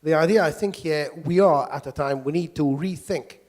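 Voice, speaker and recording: A man, a lawyer on a conference panel, speaking in a measured, formal way with frequent fillers and restarts. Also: on the high side, darkish tone. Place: conference workshop.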